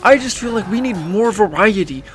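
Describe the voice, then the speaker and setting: High-pitched and lively in intonation, this young man talks at a normal pace while cursing his way through frustrated game commentary for YouTube. He keeps starting his sentences over.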